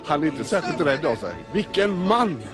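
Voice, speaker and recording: Excited philosophy teacher, admiring, eager bursts, lively voice, film dialogue. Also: male voice, a little high, moderate pace, a crowd in the background. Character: eager male philosophy teacher guiding a girl. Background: music.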